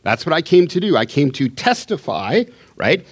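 A man delivering a sermon in a lively voice that rises and falls a lot, and his pitch sits a little high. He teaches a scripture passage in a conversational way, paraphrasing and restarting as he explains. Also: normal speed, slightly rough. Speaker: preacher.

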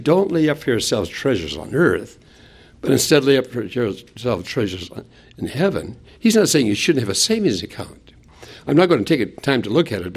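An older man delivers a sermon in an earnest preaching voice. His pitch swoops up and down to stress key words, and he pauses to let points land while quoting scripture. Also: breathy edge. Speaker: pastor.

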